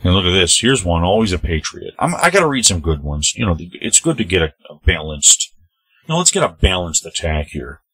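A man's voice: sits low, big pitch swings, a little fast, fairly bright tone, slightly rough, dry recording. A man hosting his own opinion vlog. He reads social media posts aloud and answers them in a heated, preachy way, speaking straight to the people he names. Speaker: channel host.

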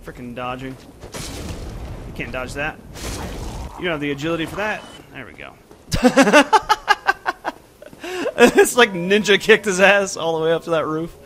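Young guy doing let's play commentary, kinda high voice, slow, swears a lot, noisy background hiss. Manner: frustrated, swearing, talking to himself while playing. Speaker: gameplay commentator. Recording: steady noise behind the voice.

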